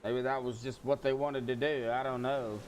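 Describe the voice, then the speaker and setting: A man giving casual play-by-play commentary on an online truck race, chatty and relaxed as he runs through the positions. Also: mid-range voice, normal speed. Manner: laid-back, chatty, calling positions. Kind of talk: casual sim-racing commentary. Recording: music playing loudly behind.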